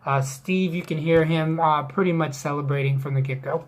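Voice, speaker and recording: A woman's voice: sits low, steady tone, moderate pace, very noisy. A woman hosting a fantasy football league recap, rambling and joking with crude asides and plenty of fillers. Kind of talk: casual joking sports recap.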